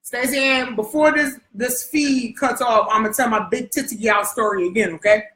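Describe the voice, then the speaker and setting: A Brooklyn woman chats casually and animatedly, laughing and swearing freely. Her voice is bright and slightly high. The room gives it a noticeable echo. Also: normal speed. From Brooklyn, New York. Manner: animated, laughing, profane and playful. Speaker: co-host. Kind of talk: casual chat on a live stream.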